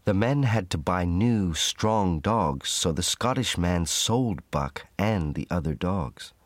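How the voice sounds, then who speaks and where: Male narrator, very deep voice, slow measured storybook reading, dry close sound. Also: expressive, no room sound. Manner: measured, clear reading for learners.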